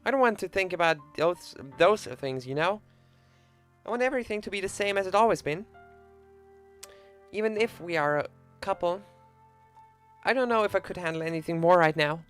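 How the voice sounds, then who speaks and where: A man voicing a sweet, fragile teenage girl who is cheerful yet sad, speaking in a soft, wavering, hesitant way. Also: sits high, expressive, moderate pace, pauses often, smooth, faint music behind, pitched above the performer's own voice. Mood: uncertain.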